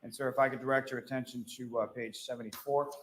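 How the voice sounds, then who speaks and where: A man's voice: mid-range voice, level tone, fast talker, fairly bright tone. A man questioning a witness in a courtroom, formal and polite, calling him sir, with some "uh" fillers. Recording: echoey courtroom with faint noise.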